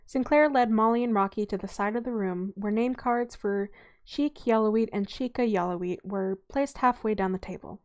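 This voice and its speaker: A woman's voice: mid-range voice, normal speed, a little mellow. A young adult woman reading a novel aloud in an informal way, often stumbling and correcting herself.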